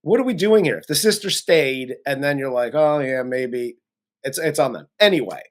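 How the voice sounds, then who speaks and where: A man co-hosting a casual movie review, recapping the story bluntly and laughing often. He has a somewhat high voice and swears freely as he goes. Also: big pitch swings, a little fast. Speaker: co-host of a movie review show. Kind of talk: casual chat, recapping a film plot.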